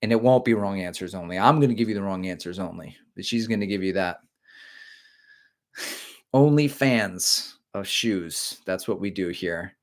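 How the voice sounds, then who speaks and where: A man's voice: low voice, moderate pace. A middle-aged man hosting a casual live stream, joking and rambling while he reads viewer comments aloud.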